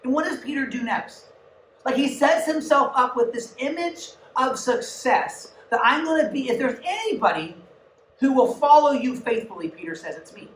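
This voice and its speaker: A woman's voice: sits high, normal speed, slight background noise. A woman giving a youth sermon in a church, talking casually and with energy, with asides to her listeners. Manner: conversational and animated, with asides to the audience. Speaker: youth pastor. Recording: echoey room, mic at a distance.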